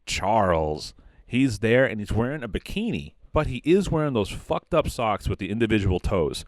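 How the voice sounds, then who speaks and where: A man improvising a crude comic story on a podcast, rambling with many fillers and quick quoted voices. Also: on the low side, big pitch swings, no room sound, studio quality. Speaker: comedy podcast host.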